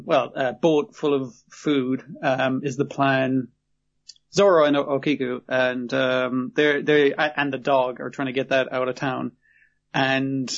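A man casually and animatedly recapping an episode on a podcast, swearing and laughing often. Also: medium pitch. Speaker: podcast co-host. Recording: muffled lo-fi audio.

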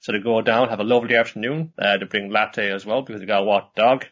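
A man's voice: fairly low pitch, steady tone, fast, fairly bright tone. Man, podcast host, casual rambling chat, swears a lot, dull lo-fi audio. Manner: rambling, full of fillers, swearing, laughing. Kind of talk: casual chat recapping a cartoon.

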